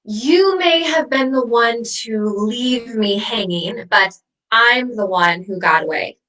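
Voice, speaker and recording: A mocking, vengeful ghost, played by a woman taunts her ex in a comedy sketch with quick jabs of wordplay. The voice is bright and a little high, and it sounds distant from the mic.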